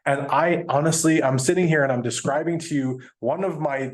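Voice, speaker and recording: A man, a guest speaker telling a personal story in a chatty, animated way, laughing now and then. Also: a little high, normal speed. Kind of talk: storytelling presentation.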